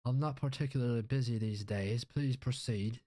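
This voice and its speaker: A man's voice: medium pitch, normal speed, noisy background, close to an everyday voice. A man putting on a pompous old Southern lawyer. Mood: blustering. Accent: put-on Southern US. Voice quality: drawling, throat-clearing, stammering excuses. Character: pompous older male lawyer, evasive and blustering.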